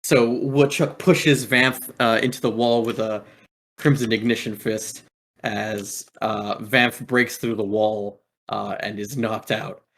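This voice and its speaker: A man's voice: fairly low pitch, fairly even intonation, slow, a bit bright. A man narrating as game master in a casual way, full of fillers. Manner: casual, many fillers, swears.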